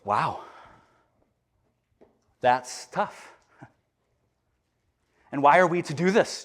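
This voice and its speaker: A man preaching a sermon in a conversational, animated way, with frequent restarts and fillers. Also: a little high, drawn-out words, long pauses. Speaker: pastor.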